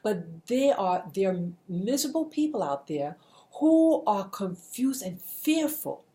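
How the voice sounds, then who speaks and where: Speaking a little slowly but very animated, a middle-aged woman with a warm, medium-pitched voice gives an earnest motivational message to camera. Her casual monologue is repetitive, with frequent restarts.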